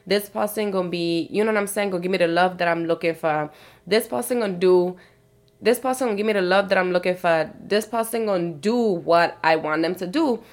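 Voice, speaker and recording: A woman with a somewhat low voice hosts her own podcast alone. She speaks casually and candidly, reflecting out loud on her own past. She keeps checking in with "you know what I'm saying". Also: fairly quick. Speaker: podcast host. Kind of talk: reflective personal monologue.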